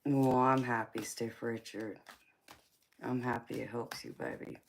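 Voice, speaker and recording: Woman, deep slow voice, playful live-stream tarot host, faint background noise. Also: fairly even intonation, gravelly. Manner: playful, teasing, calls viewers baby and sweetheart, laughs often. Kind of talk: casual live-stream chat with viewers.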